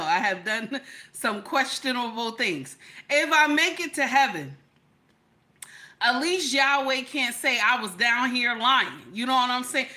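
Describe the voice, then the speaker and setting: Middle-aged woman, bright and high-ish, easy livestream-host banter full of "okay?" and "baby.". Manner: chatty, greets viewers by name, repeats "okay?" and "baby". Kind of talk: casual live chat.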